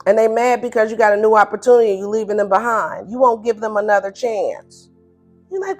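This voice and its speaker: A woman giving a casual tarot reading, animated and blunt, who laughs often and acts out the listener's replies in playful higher tones. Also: brisk. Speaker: tarot reader. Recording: faint music behind.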